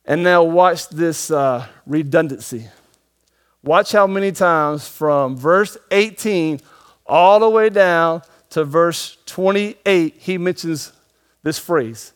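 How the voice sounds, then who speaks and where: A man preaching a sermon as pastor, moving between emphatic and hushed moments and slowing down to read scripture. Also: a little high. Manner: dynamic preaching, swings from emphatic to hushed, slow scripture reading.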